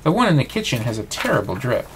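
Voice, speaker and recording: A man's voice: medium pitch, very animated, quick pace, fairly bright tone, a little hiss or hum. A man reading aloud, voicing a motherly older female teapot in a bedtime storybook, chatty.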